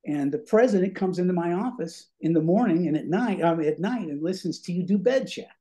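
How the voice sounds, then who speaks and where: A man voicing a friendly White House picture framer who explains himself slowly. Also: sits high, expressive, warm tone. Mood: explaining.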